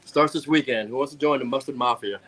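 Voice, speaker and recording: A man's voice: medium pitch, quick pace. A man telling a funny story on a casual talk show, acting out what people said. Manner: animated, laughing storyteller acting out quotes.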